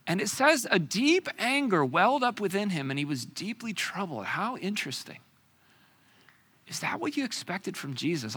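A man preaching a sermon, with dramatic pauses and rhetorical questions, swinging from loud emphasis to hushed near-whispers. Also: high-pitched, husky.

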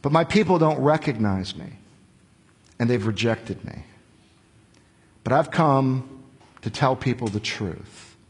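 A male preacher voicing a grave, calm holy man who answers in low, hushed replies during a sermon. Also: slow pace, long pauses, in a large hall. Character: calm, quiet male teacher figure, grave. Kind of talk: dramatized scripture paraphrase in a sermon.

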